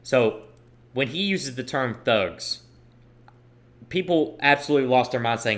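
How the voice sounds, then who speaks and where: A man hosts a solo podcast, speaking at an ordinary middle pitch. He delivers opinionated commentary and hammers his points home by repeating them. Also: lively intonation, normal speed, a bit bright. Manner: emphatic, repeats points for stress. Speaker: podcast host.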